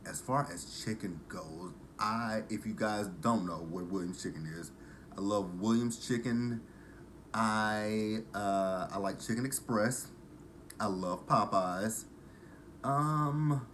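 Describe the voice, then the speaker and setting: A man's voice: on the low side, slow, a bit bright, slight background noise. A man, casually recapping a TV episode in a rambling, profane way that drifts into tangents. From Texas. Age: 30s. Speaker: TV episode reviewer.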